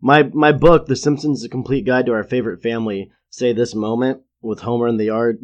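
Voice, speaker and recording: A man co-hosting a podcast, chatting casually about a cartoon episode and tossing in quick impressions and laughs. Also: medium pitch, steady tone, lo-fi sound. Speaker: podcast co-host.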